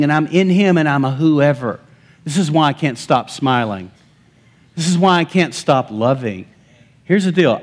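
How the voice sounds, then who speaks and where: A man pastor preaching a lively sermon in a church, laughing often and stressing his points with enthusiasm. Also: medium pitch. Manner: animated, laughing, emphatic preaching. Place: church sanctuary.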